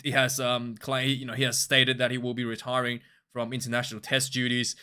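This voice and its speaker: A man hosting a casual rugby match review vlog, talking in an animated, rambling way with frequent laughs. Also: mid-range voice, brisk, clear, resonant tone.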